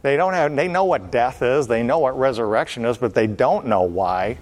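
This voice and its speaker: A man's voice: mid-range voice, normal speed. Man teaching a Bible sermon. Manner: explanatory, repeats phrases for emphasis. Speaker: preacher.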